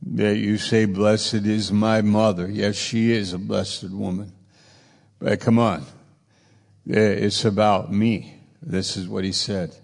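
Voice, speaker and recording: Slow gravelly preacher man. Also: lowish voice, little pitch movement, a little mellow, big-room sound. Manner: repetitive, emphatic phrasing. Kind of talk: sermon.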